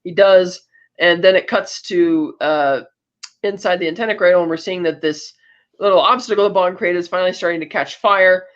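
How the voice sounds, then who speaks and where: A woman's voice: fairly low pitch, normal speed. Woman, podcast co-host, chatty rambling plot recap, dull lo-fi recording. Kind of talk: casual chat recapping a film plot.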